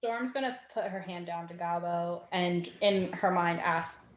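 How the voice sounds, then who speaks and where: A woman's voice: on the low side, fairly even intonation, a little slow, hardly any pauses, a little hiss or hum. A woman playing a tabletop game, talking in a playful, coaxing, giggly way. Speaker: player. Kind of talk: tabletop role-play.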